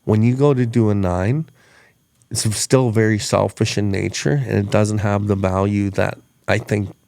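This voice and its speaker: A man's voice: lowish voice, fairly even intonation, normal speed, creaky, a little mellow. A man hosting a podcast, telling stories in an earnest, reflective way and often restarting his words. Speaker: podcast host. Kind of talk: reflective storytelling chat.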